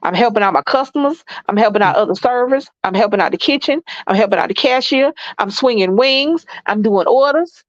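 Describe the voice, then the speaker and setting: Southern lady co-hosting a stream, blunt and emphatic, kinda higher voice, dry muffled sound. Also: expressive, fairly quick, few pauses, dry recording. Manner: blunt, emphatic, repeats phrases. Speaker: co-host. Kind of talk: casual live-stream chat.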